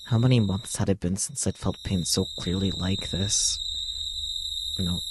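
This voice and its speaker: A man's voice: sits low, a little slow, background noise. A man streamer reading a visual novel aloud in a dramatic, brooding narration.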